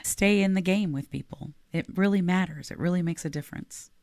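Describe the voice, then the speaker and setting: A woman's voice: on the low side, brisk, a little mellow, dry recording. A woman podcast co-host and leadership coach, talking casually and earnestly and laughing easily.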